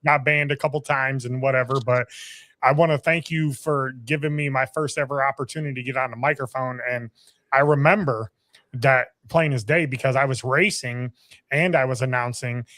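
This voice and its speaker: A man's voice: medium pitch, steady tone, moderate pace, sharp tone, no echo. A man, a race announcer, talking bluntly in casual chat, swearing and repeating words.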